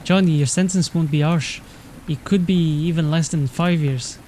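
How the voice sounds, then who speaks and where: A man voicing a calm male police detective in a story game, measured and reassuring. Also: on the high side, a little hiss or hum, natural voice.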